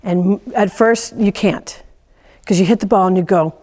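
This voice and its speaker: A woman teaching a class of horse owners, animated, laughing often and acting out quoted voices. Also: mid-range voice, moderate pace, in a large hall, a little hiss or hum. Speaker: horse trainer giving a lecture. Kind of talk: lively teaching talk.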